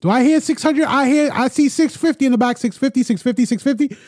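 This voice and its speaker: A man voicing a male auctioneer who rattles off bids in rapid, repeated calls. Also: extremely high pitch, a little mellow, no room sound, clean studio sound, pitched above the performer's own voice. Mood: bidding. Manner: rapid, repetitive bid calling. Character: fast-talking male auctioneer calling bids.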